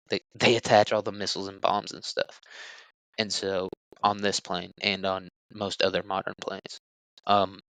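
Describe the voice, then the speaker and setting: A man's voice: fairly low pitch, fairly bright tone, no room sound, low-quality recording. A young man hosting a solo podcast, rambling crudely with jokes and lots of fillers. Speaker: podcast host. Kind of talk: casual solo podcast talk.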